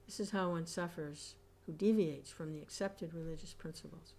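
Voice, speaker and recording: Woman, scripture class teacher, reads and comments, reflective, soft hums, lowish voice. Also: moderate pace, hardly any pauses.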